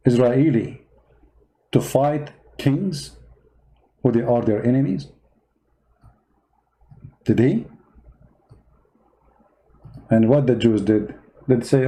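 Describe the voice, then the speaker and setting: A man's voice: mid-range voice, expressive, slow pace, long pauses, warm tone, low-quality recording. A man with non-native English giving online commentary, arguing his point with rhetorical questions. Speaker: Christian commentator.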